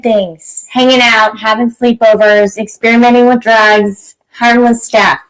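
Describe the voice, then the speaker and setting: A woman's voice: a little high, a little slow, poor audio. A woman playing a remorseless young woman sarcastically pretending to feel sorry, in a comedy sketch. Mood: deadpan. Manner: flat, sarcastic, deadpan.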